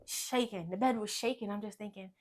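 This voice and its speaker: A young woman giving a personal testimony in conversation, earnest and storytelling, often dropping to a quiet voice. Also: a little fast, background noise. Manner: earnest, storytelling, drops to quiet low voice when recounting. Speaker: guest sharing testimony.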